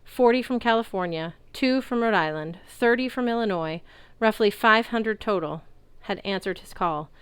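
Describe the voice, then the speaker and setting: A woman reading a novel aloud in a lively way, belting out the characters' shouts. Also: mid-range voice, moderate pace, clean tone, no echo. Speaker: audiobook reader.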